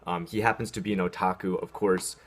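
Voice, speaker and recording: A man's voice: low voice, steady tone, a little fast. An American man ranting sarcastically about an article in a casual vlog, with a lot of ums and restarts. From United States. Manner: sarcastic, mocking, talks in spurts with fillers. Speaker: video host reacting to an article.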